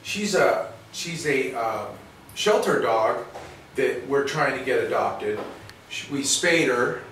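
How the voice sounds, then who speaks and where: A man's voice: medium pitch, expressive, slow, a bit bright. A man, a veterinarian, explaining and demonstrating in a folksy, rambling way full of restarts, recorded in a clinic exam room. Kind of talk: instructional demonstration. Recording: roomy, distant, faint noise.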